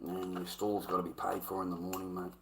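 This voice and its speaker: A man's voice: deep voice, completely flat delivery, a little fast, gravelly, background noise. A middle-aged man with an Australian accent, swearing and rambling through stories as a livestreamer. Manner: profane, rambling, laughs while telling stories. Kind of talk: casual storytelling rant.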